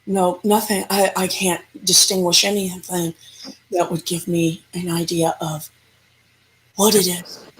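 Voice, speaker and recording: Animated woman telling a ghost story. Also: on the low side, measured pace, slight background noise. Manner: animated storyteller, acting out dialogue. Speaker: paranormal investigator. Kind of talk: storytelling in an interview.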